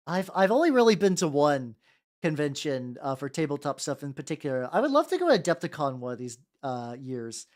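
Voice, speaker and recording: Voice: medium pitch, sing-song, fairly quick. A VTuber streamer chatting casually while painting miniatures, rambling and greeting viewers by name with casual swearing. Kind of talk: casual livestream chat.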